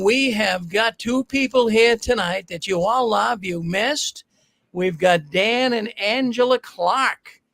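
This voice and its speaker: Gravelly high-voiced male call-in host. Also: takes it slowly, a bit bright, soft background music. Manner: friendly, rambling with restarts. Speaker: show host. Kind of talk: casual call-in show hosting.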